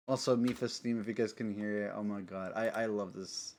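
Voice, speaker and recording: A man's voice: fairly low pitch, fairly even intonation, fairly quick, few pauses, a little mellow. A man chatting casually on a live stream, rambling and giggling, often cutting himself off mid-sentence. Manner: rambling, giggly, self-interrupting.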